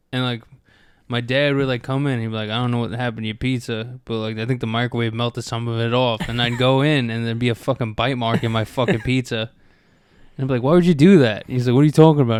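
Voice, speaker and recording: A man's voice: medium pitch, little pitch movement, fast, smooth, dry recording, studio quality. A man co-hosting a podcast, chatting casually in a laid-back, joking way and swearing often. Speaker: podcast co-host. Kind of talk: casual chat.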